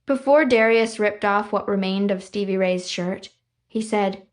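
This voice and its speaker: Woman narrating a novel aloud, expressive first-person read, dry and close sound. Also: mid-range voice, normal speed, dry recording. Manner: casual, expressive storytelling. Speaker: audiobook reader.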